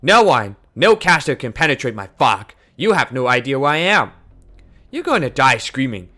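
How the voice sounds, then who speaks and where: A man reading a game aloud, voicing a fierce, vengeful young woman fighter who shouts and hurls insults. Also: mid-range voice, big pitch swings, moderate pace. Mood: furious.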